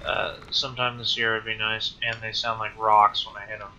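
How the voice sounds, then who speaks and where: A man's voice: lowish voice, little pitch movement, brisk, bright, forceful tone, lo-fi sound, slight background noise. A man giving casual gameplay commentary, swearing often and rambling in exasperation at the game. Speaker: let's play gamer.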